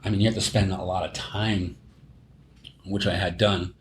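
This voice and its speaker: A man's voice: sits low, flat delivery, moderate pace, a little hiss or hum. A middle-aged man, telling a long story on a podcast, rambling and correcting himself and laughing at his own tale. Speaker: podcast host. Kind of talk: casual storytelling chat. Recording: roomy echo.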